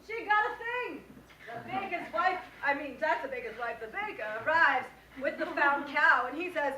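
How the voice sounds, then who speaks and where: A woman with a very high, bright voice tells a comic fairy tale story with wry, unhurried asides. She sits far from the mic in an echoey room. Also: slight background noise. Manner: wry, deadpan asides with chuckles. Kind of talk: live comic retelling of a musical.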